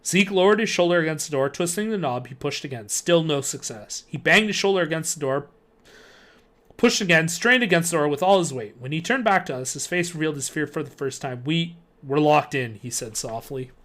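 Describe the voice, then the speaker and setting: A man streaming live, reading a spooky children's book aloud with expressive delivery and joking asides. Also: a little high, brisk.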